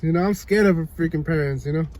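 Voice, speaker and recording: A man's voice: on the high side, quick pace, a little mellow, poor audio. A young man chatting casually on a couple's vlog, laid-back and leaning on "you know?" after nearly every thought. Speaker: vlogger. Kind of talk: casual chat. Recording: light background noise.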